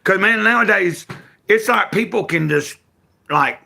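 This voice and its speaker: A man's voice: high voice, unhurried, vocal fry, bright, forceful tone. An older man from Tennessee with a Southern accent, chatting casually and rambling with his live-stream viewers from home. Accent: Southern American. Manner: rambling, self-correcting, folksy. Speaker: livestream host.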